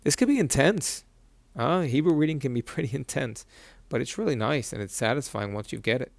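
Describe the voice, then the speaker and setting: Male teacher, mid-pitched, close dry mic, patient and repetitive, breaks words into syllables. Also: lively intonation, vocal fry, no echo. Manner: patient, repeats each syllable slowly. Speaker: Hebrew reading teacher. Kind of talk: whiteboard lesson.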